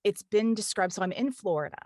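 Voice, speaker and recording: A woman's voice: medium pitch, fairly quick, a little mellow, no echo, clean studio sound. A woman with a Southern American cadence, an audiobook narrator chatting easily in an interview, with many fillers. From Kentucky. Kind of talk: casual interview chat.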